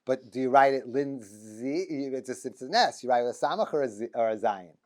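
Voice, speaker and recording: A man's voice: mid-range voice, animated, brisk, a little mellow. A middle-aged man, a rabbi teaching a class, talking in a loose, joking way, full of restarts and stammers. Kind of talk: informal lecture. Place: classroom with students.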